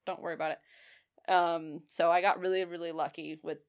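Young woman co-host, everyday animated storyteller, loose and laughing, casual swearing. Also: fairly low pitch, normal speed. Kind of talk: casual chat.

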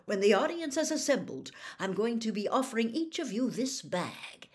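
A woman reading a storybook aloud, voicing a hearty, cheerful middle-aged male official who booms his welcomes. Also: very animated, moderate pace. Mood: jolly. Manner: booming and cheery.

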